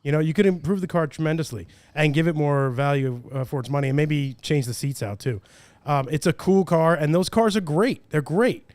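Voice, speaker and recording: A man on a car podcast, telling quick, animated stories and sharing casual opinions. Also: on the high side, no room sound. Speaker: guest car owner. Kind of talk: casual chat and anecdote.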